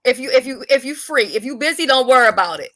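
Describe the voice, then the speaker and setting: A woman hosting a casual live-stream chat, blunt, profane and animated. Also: high voice, fast. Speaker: livestream host.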